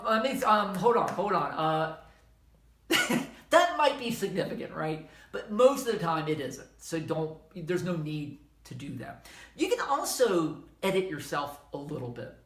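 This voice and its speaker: A middle-aged man with a Southern American accent giving an informal, conversational history lecture, correcting himself as he goes. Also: fairly high pitch. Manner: conversational, self-correcting, animated asides. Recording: echoey room.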